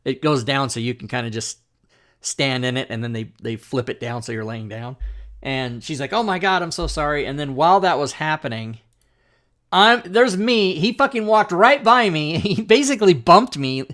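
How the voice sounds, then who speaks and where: Male livestream host, casual chat, rambling and animated, mid-pitched voice, laughs a lot. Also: moderate pace. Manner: rambling, animated, laughs often, many restarts. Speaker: talk show host.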